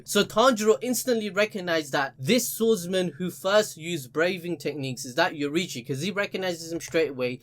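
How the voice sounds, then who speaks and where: An excitable young man talks through a comic chapter in casual commentary. His voice sits high, and he swears and laughs freely. Faint music plays underneath. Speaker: host.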